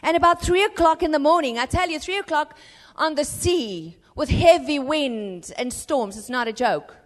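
A woman preacher giving an impassioned sermon in a church, swinging between urgent exhortation and hushed storytelling. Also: high-pitched, expressive, moderate pace, in a large hall.

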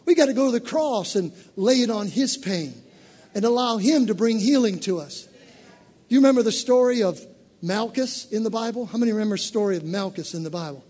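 A man preacher giving an animated, conversational sermon to a congregation in church. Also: high voice.

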